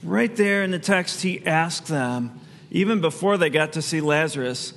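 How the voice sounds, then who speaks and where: A man's voice: a little high, lively intonation, normal speed, fairly bright tone, long reverb tail, a little hiss or hum. A man preaching a sermon as pastor, in a conversational way with asides he laughs at himself.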